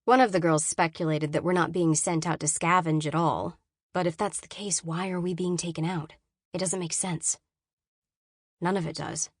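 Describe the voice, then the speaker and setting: A woman reading a novel aloud in first person, measured and often hushed and inward. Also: fairly low pitch, steady tone, breathy edge, no room sound, studio quality. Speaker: audiobook narrator.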